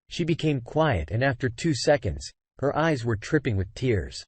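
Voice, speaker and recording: Male storyteller, earnest and conversational; lively pitch, dry close recording. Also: moderate pace, hardly any pauses, breathy edge, no room sound. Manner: conversational, frequent "you know" fillers. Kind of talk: first-person story narration.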